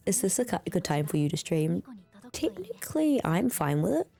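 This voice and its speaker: Young woman streamer, low-key, throaty and a little gravelly, chatty and giggly. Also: sing-song, measured pace, warm tone, faint music behind. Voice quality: throaty, slightly hoarse. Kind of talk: casual chat with viewers. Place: home streaming room. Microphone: close streaming mic.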